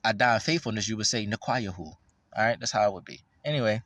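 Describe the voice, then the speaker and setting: A man's voice: on the low side, fast, fairly bright tone, no echo, studio quality. A man giving a meandering, casual explanation, filling it with "you know" and "all right" and dropping profane slang as he goes. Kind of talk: rambling explanation.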